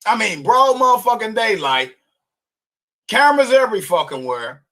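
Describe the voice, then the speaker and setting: A man giving an angry, profane rant, often shouting and repeating himself. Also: high voice, big pitch swings, normal speed. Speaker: homeowner ranting on video.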